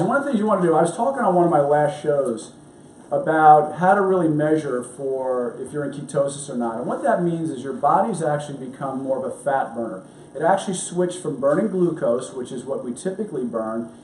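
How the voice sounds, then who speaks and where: A man's voice: on the high side, darkish tone, recorded from a distance, slight background noise. A middle-aged man from New York, a doctor hosting a health show, talking in a chatty, rambling, upbeat way at home in his kitchen. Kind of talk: casual cooking and health talk. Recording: echoey room, voice off-mic.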